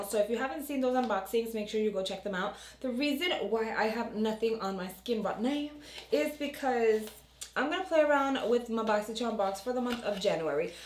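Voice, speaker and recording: A woman's voice: a little high, echoey room, slight background noise. Chatty woman vlogger with a morning voice. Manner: chatty, self-deprecating, talks to the camera. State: low morning voice. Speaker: beauty vlogger. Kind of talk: casual makeup tutorial chat.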